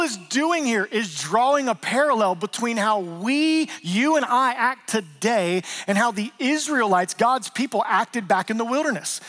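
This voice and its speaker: Man, pastor, sermon, high voice, animated, conversational. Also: normal speed, few pauses. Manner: animated, conversational preaching with jokes and acted-out quotes.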